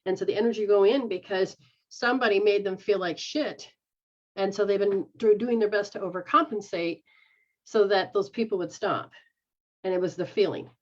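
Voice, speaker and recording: A woman's voice: medium pitch, dull audio. A woman who is a psychic medium, giving rambling live readings in a frank manner, sometimes swearing and acting out the voices she quotes.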